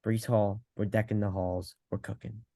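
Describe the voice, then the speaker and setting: A swaggering Italian-American pizza pitchman, loud and cocky, rattling off his pick of the week with a thick put-on accent, as a man puts him on. The voice sits fairly low and the sound is dry and close. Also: level tone, moderate pace, no echo. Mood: brash. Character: brash Italian-American pizza guy Tony, male adult. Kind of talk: comedic segment on a fantasy football podcast.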